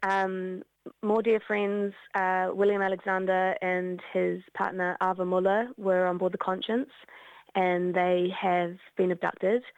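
A woman, giving an earnest, halting news interview as an activist, with many restarts. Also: lowish voice, little pitch movement, smooth, no room sound. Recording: dull lo-fi dry sound.

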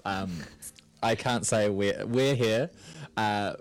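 A man's voice: fairly low pitch, slow, smooth. A man chatting on radio about a TV show, with many ums and uhs. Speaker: TV reviewer guest. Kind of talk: casual radio chat.

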